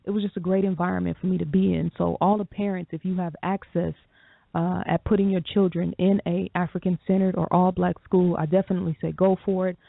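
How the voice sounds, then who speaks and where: Gravelly woman, reflective radio co-host. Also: lowish voice, little pitch movement, no echo. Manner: reflective, measured, frequent ums. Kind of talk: call-in radio talk. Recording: dry tinny phone line.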